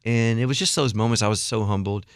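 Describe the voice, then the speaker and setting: A middle-aged man telling a story in a radio studio interview, animated and acting out the people he quotes. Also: fairly low pitch, quick pace, no room sound. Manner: animated storyteller, acts out quotes, laughs often. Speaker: guest songwriter.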